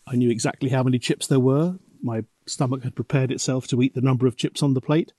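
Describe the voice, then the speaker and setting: Man, mellow storyteller, wry and self-deprecating. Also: mid-range voice, no room sound, clean studio sound. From South London. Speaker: contributor telling an anecdote. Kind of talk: scripted personal story.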